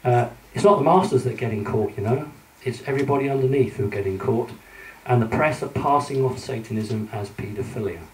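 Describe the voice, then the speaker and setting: A man with a mellow, average-pitched voice addresses a live audience from the front of a room, talking through his slides in a loose, conversational way. He stumbles and restarts often, filling the gaps with ums. The mic sits some distance away in a roomy hall. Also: fairly quick, a little hiss or hum. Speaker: public speaker lecturing with slides.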